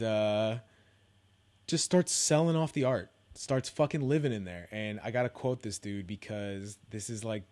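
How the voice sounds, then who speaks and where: Lowish-voiced man ranting casually. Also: a little mellow. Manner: loose, profane, rambling with many fillers. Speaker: podcast host. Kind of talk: casual solo podcast rant.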